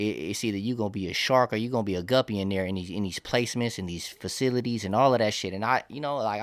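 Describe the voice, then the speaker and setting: Rambling young man telling his story. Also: on the low side. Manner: loose street slang, rambling with many restarts and fillers. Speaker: interview guest. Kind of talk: casual storytelling interview.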